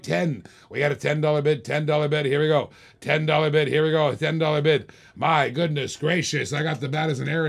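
A man's voice: a little high, vocal fry. A man hosting a live stream auction of toy cars, calling bids over and over in a hyped, repetitive way.

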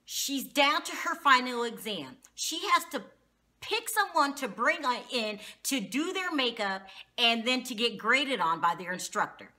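A woman's voice: fairly high pitch, animated, measured pace, bright, forceful tone. A woman recapping a reality TV episode in a casual vlog, outspoken and slangy, with frequent exclamations. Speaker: TV show reviewer.

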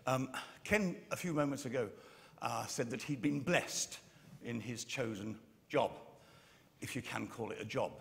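A man's voice: on the low side, vocal fry, fairly bright tone. A man from Birmingham, an actor, giving a gracious, thankful speech on stage. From Birmingham, England. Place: theatre stage. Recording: long hall reverb, faint room noise.

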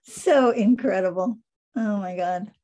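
An older woman casually telling stories over a slide show, animated, often laughing and trailing off mid-sentence. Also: mid-range voice, measured pace. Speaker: animal trainer presenting photos.

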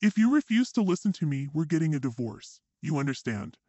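Domineering husband, curt and dismissive, read by a man, slightly high voice, dry close sound. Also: big pitch swings, brisk, dark tone, no echo, dull audio. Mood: impatient. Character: domineering impatient adult husband.

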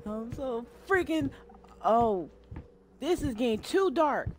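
A woman's voice: fairly high pitch, animated, slow, noisy background. A woman streamer playing a horror game, jumpy and frightened, swearing and talking back to the game. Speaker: gaming streamer. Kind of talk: horror game let's play. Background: loud game music.

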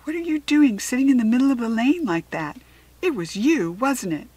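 A woman reading a storybook and voicing an earnest young farm girl, with a breathy, eager and questioning manner. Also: a little high, animated, normal speed, darkish tone, no room sound, pitched above the performer's own voice, rough recording.

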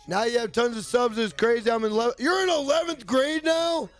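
Speaking a little fast in a very high-pitched voice, a man streams a game live with faint music in the background. The gaming streamer rambles, jokes, swears freely and reads out the messages viewers send.

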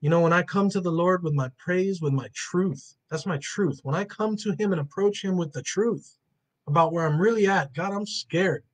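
A man teaching a Bible study and then praying, earnest and emotional, slowing down to lean on key words. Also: high-pitched.

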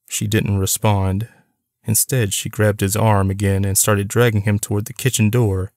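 A man narrating a novel chapter in a plain, even storytelling manner. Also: lowish voice, moderate pace, no echo, clean studio sound. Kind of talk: audiobook reading of a novel.

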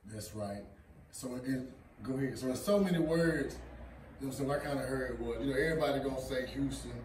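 A man from East Texas with an East Texas accent, co-hosting a podcast, lively and playful, jumping in often. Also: medium pitch, fast talker, recorded from a distance, a little hiss or hum. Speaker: podcast co-host. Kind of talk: casual interview banter. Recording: echoey room, away from mic.

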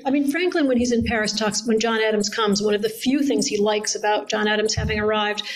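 A woman's voice: medium pitch, fast talker, low-quality recording. A middle-aged woman author answering questions in an interview at a public event, thoughtful and digressive with frequent fillers and restarts. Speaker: author interviewed about her biography.

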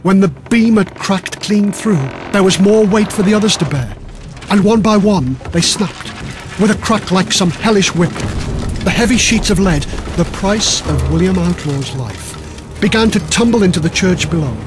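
A man's voice: high-pitched, expressive, moderate pace, noisy background. A man giving scripted narration of a children's history story in a dramatic, vivid way.

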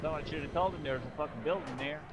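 A man's voice: a little high, very fast, lightly acted. A man in a casual gaming chat, putting on an exaggerated Southern US drawl, cursing and calling out targets in mock military radio talk. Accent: put-on Southern US. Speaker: gamer doing a put-on redneck voice. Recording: game gunfire and engine noise behind.

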